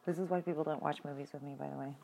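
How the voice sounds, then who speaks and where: A woman's voice: low voice, steady tone, very fast, creaky, noisy background. A young woman giving casual, joking commentary as she reacts to a game, talking back to the screen and laughing often.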